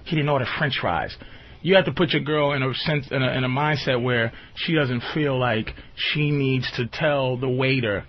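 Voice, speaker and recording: A man's voice: mid-range voice, fairly even intonation, moderate pace, hardly any pauses. A man hosting a radio show, talking loosely and at length about dating with frequent asides. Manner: loose, rambling, conversational. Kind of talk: comedic relationship talk on radio. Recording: dull lo-fi radio broadcast.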